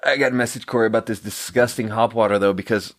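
A man's voice: lowish voice, steady tone, fast talker, no echo, clean studio sound. A young man hosting a podcast, telling a story in a casual, profane way and laughing often. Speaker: podcast host.

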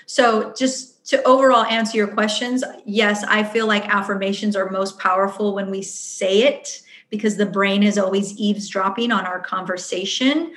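A woman's voice: mid-range voice, steady tone, normal speed, fairly bright tone, reverberant. A woman leading a workshop, answering audience questions in a chatty, earnest way and acting out her own inner voice. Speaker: workshop facilitator. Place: event room.

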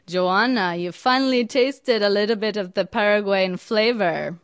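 A woman's voice: medium pitch, moderate pace, crowd noise, close to an everyday voice. A woman voicing a smug, condescending male school principal who speaks in an offhand way.

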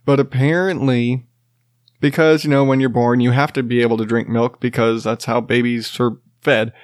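In a mid-range voice with fairly even intonation and a moderate pace, a weary father in his thirties hosts a podcast chat. He meanders and restarts his sentences, laughs often, and swears casually, and the studio-quality recording has no echo.

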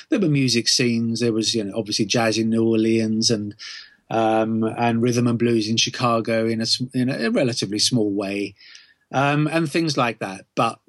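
A man's voice: medium pitch, a bit bright, dry recording. A man, an author being interviewed, explaining thoughtfully at length with frequent ums and restarts. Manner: measured, thoughtful, many ums. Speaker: author and guest.

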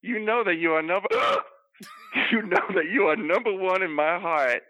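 Faint music plays behind this lo-fi, echo-free comedy bit, where a man uses a high, bright, forceful voice at an unhurried pace. He plays a flustered old Southern belle with a bawdy streak, rambling on about scandal and gasping through hiccups between phrases.

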